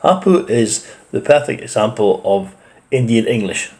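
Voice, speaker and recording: A man's voice: lowish voice, animated, measured pace, darkish tone. A man with a Scottish accent gives blunt, opinionated casual commentary as a reaction video host, with mild swearing. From Scotland.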